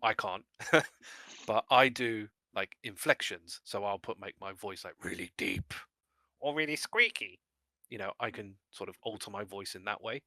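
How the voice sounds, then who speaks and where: A man's voice: fairly low pitch, measured pace, sharp tone, no echo. A man co-hosting a casual discussion about game mastering, rambling a little with restarts and small laughs.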